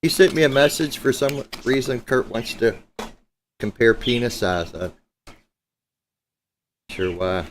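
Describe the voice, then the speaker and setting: Laid-back guitar streamer, a man mid-pitch. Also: animated, unhurried, long pauses, a little hiss or hum. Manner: loose, joking, profane banter. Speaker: guitarist hosting a live stream. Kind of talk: casual live-stream chat. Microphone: streaming setup mic.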